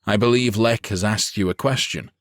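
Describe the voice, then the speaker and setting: A man's voice: on the low side, normal speed, fairly bright tone, dry recording, studio quality, pitched above the performer's own voice, close to an everyday voice. A man voicing a proud, commanding male official in an audiobook, barking orders and warnings. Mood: stern. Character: arrogant, forceful male official turned outlaw.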